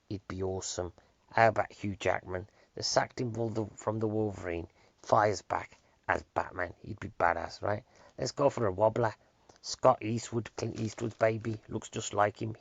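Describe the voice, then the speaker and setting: Man, podcast host, gravelly low voice, jokey rambler, dull lo-fi sound. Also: no room sound. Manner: rambling, jokey, deadpan asides. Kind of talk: casual solo podcast chat.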